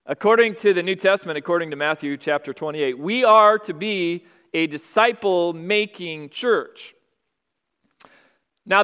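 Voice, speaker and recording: High-voiced preacher in a reverberant hall. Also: male voice, fairly bright tone, clean tone. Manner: conversational preaching, slows for emphasis. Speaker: pastor. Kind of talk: sermon. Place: church sanctuary.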